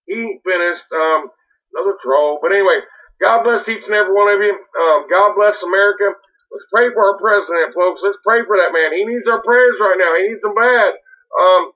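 A man's voice: high voice, bright, forceful tone, highs cut off. A man hosting a casual livestream, rambling through viewer comments and often repeating or stumbling over his words. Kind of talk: casual political livestream talk.

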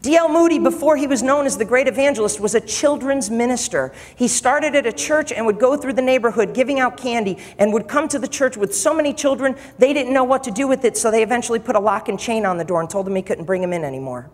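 A man's voice: extremely high pitch, animated, quick pace, hardly any pauses. A man preaching a sermon to church leaders, emphatic and repeating phrases for effect. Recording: long hall reverb.

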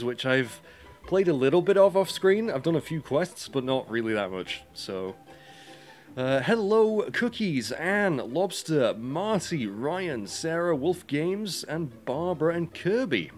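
A man hosting a gaming livestream, chatting casually with viewers, greeting them by name and breaking into excited yelps. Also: a little high. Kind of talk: casual livestream chat while playing.

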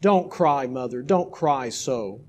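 A man's voice: mid-range voice, lively intonation, takes it slowly. A preacher reading as a dying young man in anguish. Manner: anguished, accusing. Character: young man dying in anguish, bitter toward his father.

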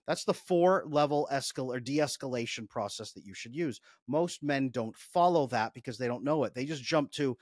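A man's voice: mid-range voice, lively intonation, normal speed, no echo, studio quality. A man coaching in a podcast discussion, explaining step by step in an emphatic, instructive way. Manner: emphatic, instructive, role-plays dialogue. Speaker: attachment coach.

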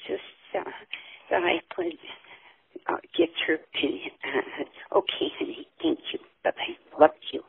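An older woman leaving casual voicemails for her son. She is affectionate, pauses often on uh, and has a raspy voice. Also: high-pitched, a little hiss or hum. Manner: affectionate, hesitant with many uh pauses. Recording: tinny phone voicemail line.

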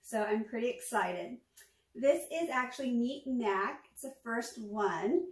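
A woman's voice: a little high, a little mellow. Woman storyteller, former teacher, upbeat picture-book read-aloud, distant roomy recording.

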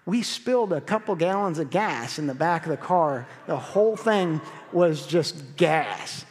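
A middle-aged man preaching in a church sanctuary, his voice sitting high for a man. He tells a story in a lively, animated way, acting out the quotes. A long reverb trails after every phrase. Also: measured pace, a little hiss or hum. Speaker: pastor. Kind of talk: sermon.

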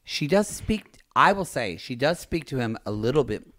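A man's voice: mid-range voice, big pitch swings, a bit bright. Podcast co-host guy, casual gossip, bouncy up and down voice. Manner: gossipy, playful, quick to laugh. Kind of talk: casual chat recapping a reality show.

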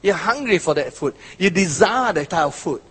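A man's voice: high-pitched, expressive, fairly bright tone, husky. Emphatic preacher man in a reverberant hall. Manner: emphatic, drawn-out phrasing with bursts of force. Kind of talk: sermon.

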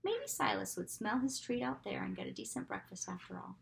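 A woman reading a novel aloud with expressive storytelling, often dropping to a whisper for asides. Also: medium pitch, brisk, creaky, rough recording. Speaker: reader.

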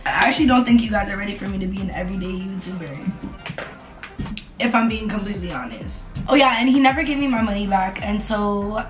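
A woman telling a casual storytime on camera, animated and profane, repeating herself for emphasis. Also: mid-range voice, fast talker. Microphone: camera mic. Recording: roomy echo, faint music behind.

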